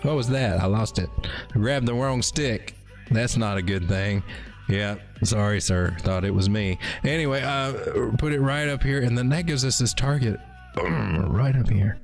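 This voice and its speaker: A man's voice: medium pitch, normal speed, faint music behind. A man hosting a late-night crypto livestream, casually rambling through chart analysis with playful dad jokes. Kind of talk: casual live market analysis.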